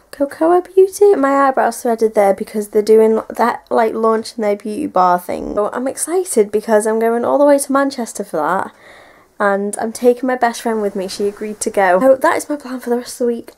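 A woman's voice: on the high side, normal speed, a little mellow. A young woman vlogging her day at home, rambling in a casual, chatty way with lots of fillers. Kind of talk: casual daily vlog. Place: home, indoors and garden.

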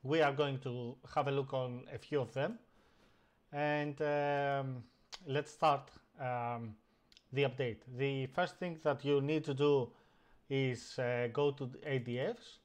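A man hosting a casual live stream, narrating each step of a computer task as he does it. He speaks slowly at a middle pitch and stops often to search for words. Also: steady tone. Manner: hesitant, many fillers and restarts while operating the computer.

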